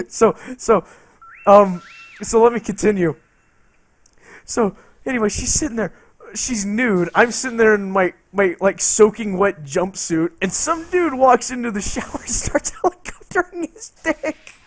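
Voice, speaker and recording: A man's voice: high voice, expressive, normal speed. A man streaming a game and telling a rambling story, swearing and laughing as he goes. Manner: rambling, profane, laughing between lines.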